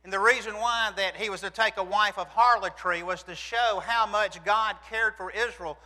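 A man's voice: high voice, fairly even intonation, moderate pace, few pauses, bright, forceful tone. A man preaching a sermon. He talks earnestly, asks rhetorical questions, and reads passages of scripture aloud. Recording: long reverb from a large hall.

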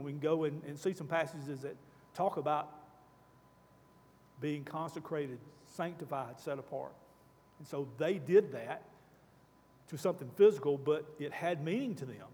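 A man's voice: fairly high pitch, normal speed, warm tone, big-room sound. A man leading a Bible study class, asking the group questions and reading scripture aloud.

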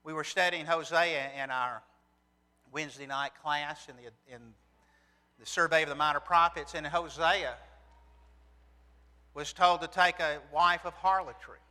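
A man's voice: on the high side, steady tone, a little slow, long pauses, bright, forceful tone. A man preaching a sermon. He talks earnestly, asks rhetorical questions, and reads passages of scripture aloud. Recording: long reverb from a large hall.

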